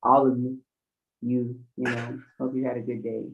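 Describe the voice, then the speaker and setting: A man hosting an online open mic, speaking in a relaxed, informal manner. His voice comes through a tinny, phone-like call line. His pitch barely moves, so the delivery sounds flat and even. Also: moderate pace, gravelly. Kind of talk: casual hosting chat. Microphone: video call.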